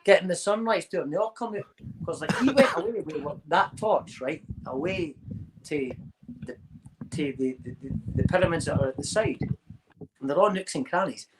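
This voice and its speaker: A man's voice: fairly high pitch, moderate pace, noisy background. A man telling a long, sweary anecdote in casual chat, acting out the people in it. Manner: swearing, animated anecdote-telling with acted quotes. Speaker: podcast host.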